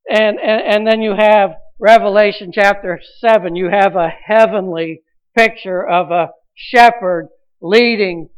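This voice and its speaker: A man's voice: sits high, smooth, dull audio. A man preaching a sermon as pastor, earnest, with restarts and rising emphasis.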